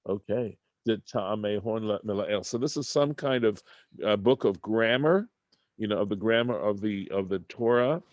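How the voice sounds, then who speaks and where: A man teaching a Torah study class, thinking aloud with halting restarts as he reads Hebrew text and translates it into English. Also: on the low side, darkish tone, dry recording, dull audio.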